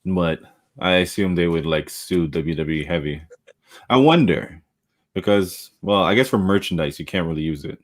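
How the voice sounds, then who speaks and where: Deep-voiced man in casual podcast chat. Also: moderate pace. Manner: animated storytelling, acts out quotes, laughs often. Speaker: podcast host.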